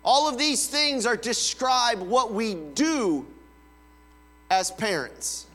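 A man's voice: very high-pitched, lively intonation, takes it slowly, fairly bright tone. A man, a pastor, delivering a sermon, telling family stories and playfully acting out his children calling for their parents. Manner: storytelling, acts out kids calling with playful voices. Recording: long hall reverb with mains hum.

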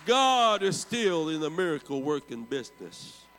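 A man in his seventies preaching a storytelling sermon, swinging from loud bursts down to hushed, low tones. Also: big pitch swings, measured pace, big-room sound, a faint crowd, slight background noise, low-quality recording. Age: 70s.

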